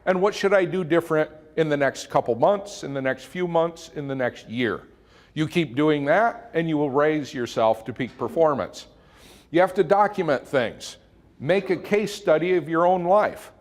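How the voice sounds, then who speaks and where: A man's voice: fairly high pitch, moderate pace. Folksy Midwestern man telling a story. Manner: folksy, quotes his kids in animated voices. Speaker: motivational speaker. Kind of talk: storytelling talk to a club.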